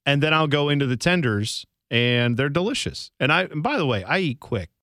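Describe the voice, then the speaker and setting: Bright, lively radio co-host man. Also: fairly high pitch, a little fast, dry recording, studio quality. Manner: animated, rambling storyteller. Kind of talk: casual chat.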